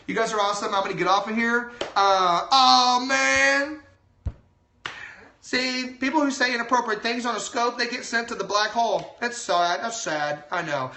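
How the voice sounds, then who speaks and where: A man who is a doctor talking casually and excitedly on a livestream, full of asides. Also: high voice, moderate pace, roomy sound, slight background noise. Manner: excited, chatty, lots of asides. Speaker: doctor giving health advice.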